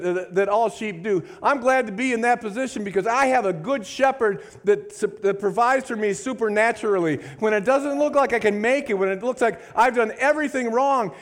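Fervent preacher man, higher voice. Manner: fervent, repeats phrases, calls out to congregation. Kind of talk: sermon. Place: church service.

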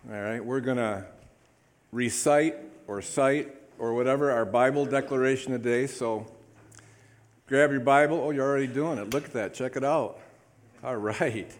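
Speaking at a measured pace with long pauses, a pastor delivers a sermon in his church sanctuary in a mid-range voice. He stays upbeat and chatty, frequently prompting the congregation for amens.

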